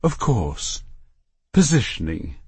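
A man voicing a bossy, pretentious mother who talks down to people with slow, prim drawn-out words. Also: medium pitch, sing-song, husky, no echo, exaggerated voice. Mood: haughty. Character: bossy pretentious mother, middle-aged woman.

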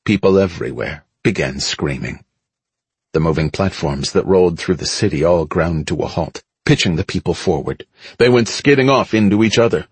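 Male audiobook narrator, low husky voice, steady first-person read with dramatic lifts, dry close mic. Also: moderate pace, no echo.

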